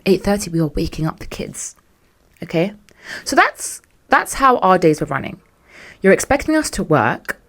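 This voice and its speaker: A young woman hosting a podcast, telling a story in a sassy, animated way and acting out what others said. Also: on the low side. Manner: animated, sassy, acts out quotes in other voices. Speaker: podcast host. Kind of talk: casual storytelling monologue.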